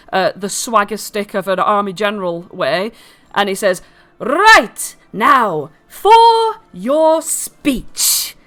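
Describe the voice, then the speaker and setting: Her mid-range voice has a sharp tone as she runs a tabletop game as game master. She describes the scenes loosely, rambling along and filling gaps with lots of filler words.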